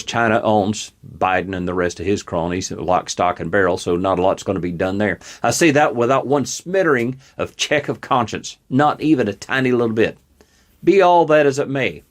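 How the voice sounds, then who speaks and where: A man hosting a talk show, giving plain-spoken, opinionated commentary in a folksy manner. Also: lowish voice. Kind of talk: casual political commentary. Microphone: webcam on desk.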